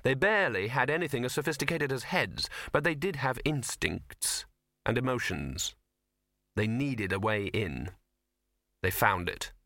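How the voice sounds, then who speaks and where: A man narrating a comic fantasy novel as an audiobook reader, telling it with lively expression. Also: mid-range voice, measured pace, creaky, dry recording, studio quality.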